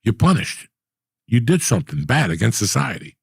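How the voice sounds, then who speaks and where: A man's voice: mid-range voice, animated, brisk, vocal fry, slightly rough, no echo, studio quality. A middle-aged man hosting a casual talk show, telling rambling, profane stories. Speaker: podcast host. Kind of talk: casual storytelling chat.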